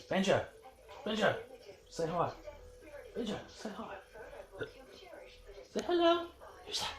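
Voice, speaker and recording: Australian man, casual video diary, rambling, slangy, lowish voice, crowd in background. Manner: rambling, laid-back, slangy storytelling. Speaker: vlogger.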